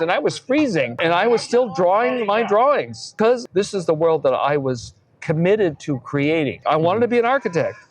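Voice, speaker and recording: Earnest man with a higher voice. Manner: earnest and emphatic, tells anecdotes with voiced quotes. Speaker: architect being interviewed. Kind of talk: reflective interview answers.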